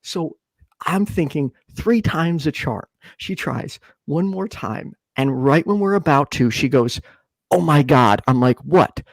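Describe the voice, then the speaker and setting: Young man podcast co-host, lively storyteller, dry close mic, jumps into a high voice for quotes. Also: a little slow, no echo. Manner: animated, acts out quotes in a high voice. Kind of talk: casual chat, storytelling.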